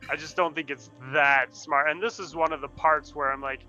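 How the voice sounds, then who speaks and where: A candid, opinionated man in casual film talk, his voice bright and fairly high. The audio is a little dull and lo-fi, with faint music underneath. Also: fairly even intonation, moderate pace. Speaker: podcast co-host. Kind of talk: casual movie discussion.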